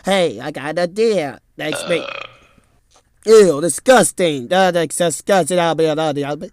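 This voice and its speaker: A man's voice: on the high side, unhurried, a little mellow, no room sound, clean studio sound. A man improvising a rambling, jumbled, playful voice-over. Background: music.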